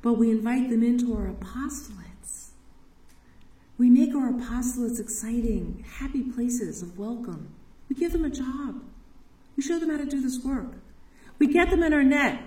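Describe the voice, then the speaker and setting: A woman's voice: a little high, moderate pace, a little mellow. A woman giving an enthusiastic church talk, telling stories with laughter. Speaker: parish ministry speaker. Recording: echoey hall from a distant mic.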